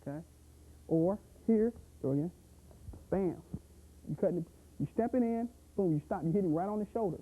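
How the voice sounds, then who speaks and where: A man coaching boxing technique in an energetic, punchy way, full of sound effects and repeated catchphrases. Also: high voice, slightly rough. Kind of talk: instructional pad-work demo. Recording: tinny, phone-like audio.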